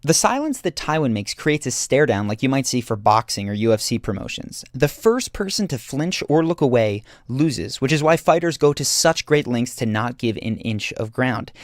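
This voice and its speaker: Guy narrating an analysis video, steady explainer tone, super dry mic. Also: medium pitch, moderate pace, hardly any pauses, no room sound. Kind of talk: scripted narration.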